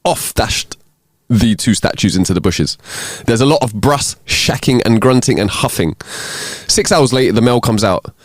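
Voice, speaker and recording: A man co-hosting a casual comedy podcast, reading listener jokes aloud and playing the characters with lively put-on voices. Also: medium pitch, moderate pace, no echo, clean studio sound. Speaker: podcast co-host.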